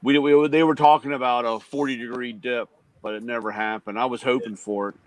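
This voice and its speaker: A man's voice: medium pitch, steady tone, fairly quick. An easygoing man chatting casually on a talk show and laughing often. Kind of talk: casual chat.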